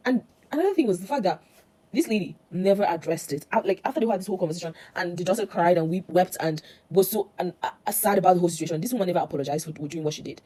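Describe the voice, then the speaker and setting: Fast-talking husky woman. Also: lowish voice, animated, dark tone, low-quality recording. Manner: rambling, exasperated retelling with many fillers. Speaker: drama reviewer. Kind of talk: casual chat.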